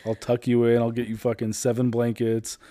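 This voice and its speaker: A man's voice: mid-range voice, monotone, brisk, mellow, no echo. A man co-hosting a casual chat, dry, teasing and laid-back. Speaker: podcast co-host.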